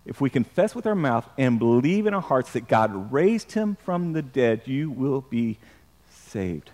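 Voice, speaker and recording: A man's voice: mid-range voice, very animated, measured pace, a little mellow, in a large hall. A man preaching a sermon as pastor, emphatic, repeating words and drawing the congregation into responses.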